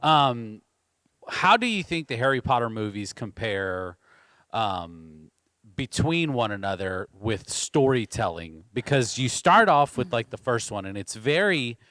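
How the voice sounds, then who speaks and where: A man's voice: medium pitch, a little slow, dry recording. Guy hosting a podcast, rambly teasing chat, mid voice, dry close sound. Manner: relaxed, rambling, teasing with lots of fillers. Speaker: podcast host. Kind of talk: casual chat.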